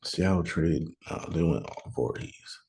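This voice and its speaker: A deep-voiced man hosts a casual solo show from home, thinking aloud as he goes. He rambles and second-guesses himself, then bursts into mock anger. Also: slow pace, a little mellow. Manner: thinks aloud, chatty, sudden mock outrage. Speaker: podcast host doing a mock draft. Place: room at home, noise outside.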